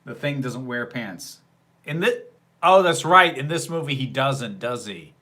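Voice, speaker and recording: A man giving casual livestream commentary on a movie, full of sarcasm and quick laughs. His voice swings freely up and down, and it has a bright, forward edge. He takes his time, answering viewers' questions in an unhurried drawl. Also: mid-range voice, lively intonation. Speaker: livestream host reacting to a film.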